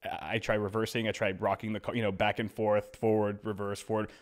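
A young man on a podcast telling a story in a casual, animated way, switching into quoted voices as he goes. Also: fairly low pitch, fairly quick. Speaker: podcast co-host.

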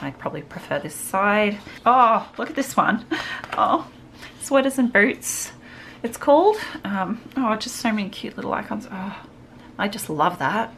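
A woman with a low-pitched voice talks through her craft haul in a relaxed, chatty way. She gushes over each piece with small exclamations of delight. A faint hiss sits quietly behind her. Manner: chatty and gushing, frequent little exclamations. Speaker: craft vlogger. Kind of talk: casual show-and-tell haul.

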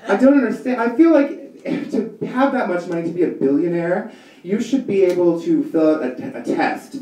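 A man's voice: sits high, lively intonation, moderate pace. A man in his thirties doing a stand-up comedy set, ranting in an exasperated, profane way. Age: 30s. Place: comedy club stage before a live audience. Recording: echoey room, distant mic, loud audience laughter.

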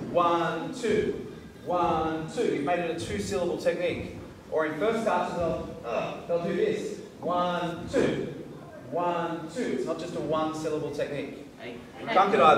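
An Australian man teaches a karate class, his voice a little high and caught from across a big echoey hall with room noise behind. He explains step by step and keeps asking whether the class is with him. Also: distant mic. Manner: explains step by step, asks "hey?" for agreement, shouts counts. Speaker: karate instructor. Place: large echoey training hall. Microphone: camera mic from a distance.

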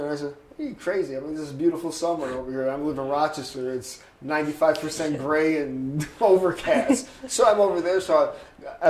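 A man in his sixties telling stories in an oral history interview, lively and anecdotal, often chuckling. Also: a little high, reverberant, rough recording. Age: 60s. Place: interview booth.

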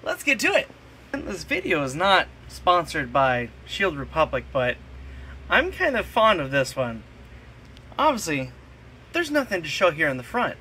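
A man's voice: fairly high pitch, huge pitch swings, normal speed, bright, forceful tone, slight background noise. A man hosting a casual gear review vlog, talking in a jokey, rambling way with self-mocking asides. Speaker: channel host.

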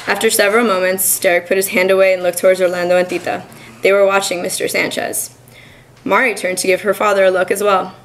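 Young woman reading her story, even and measured. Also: mid-range voice, low-quality recording. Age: young adult. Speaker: student reading her fiction. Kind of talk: literary reading. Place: college reading event.

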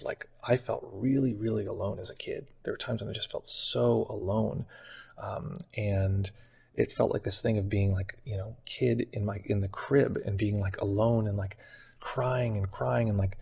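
A man recounting a personal experience in a soft, halting way, with many fillers and pauses. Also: on the low side. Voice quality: gravelly, husky. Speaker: meditation channel host. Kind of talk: personal reflective account.

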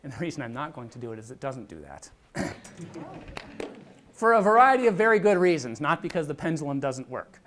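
A man's voice: on the high side, very animated, a little fast, long pauses, fairly bright tone, a little hiss or hum. A middle-aged man lecturing on physics in a lecture hall, explaining step by step in a conversational way with little asides. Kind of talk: university lecture with live demonstration.

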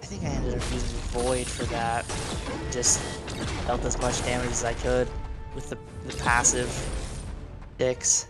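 A man's voice: medium pitch, level tone, a little slow, long pauses. A man co-hosting a gaming stream, thinking aloud and weighing options in casual chat. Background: game music.

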